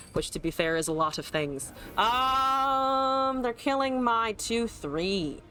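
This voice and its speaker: A young adult woman giving live commentary on her card game, swearing, laughing and answering chat as she plays. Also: medium pitch. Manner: animated, swears and laughs, reads chat aloud. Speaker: streamer. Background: faint music.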